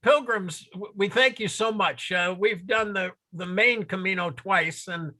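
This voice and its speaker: A man's voice: sits high, a little slow, sharp tone. A man in his seventies from Oregon, a friendly, chatty audience member asking a question over a video call. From Oregon, USA. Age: 70s.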